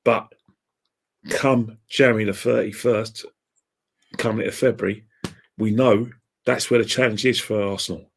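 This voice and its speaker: As a guest on a podcast, this football-loving man talks casually, wandering off topic, voicing opinions, and chuckling at his own jokes. He speaks at a moderate pace in a fairly low, steady voice that is creaky with a breathy edge, pausing often.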